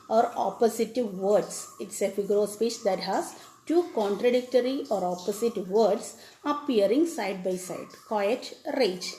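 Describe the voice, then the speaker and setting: A woman teacher, explaining a poem to children and repeating each definition slowly. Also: a little high, dark tone. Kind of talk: classroom lesson on a poem. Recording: echoey room with faint background noise.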